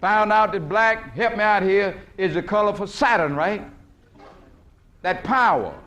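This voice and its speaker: A man lectures from a conference stage. He talks like a preacher, firing questions at the crowd and answering them himself. Now and then he slows right down and draws out a word to drive it home. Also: high-pitched, a bit bright, lo-fi sound. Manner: retells film scenes with quoted voices, stretching words for emphasis. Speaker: guest lecturer. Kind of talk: lecture to a live audience.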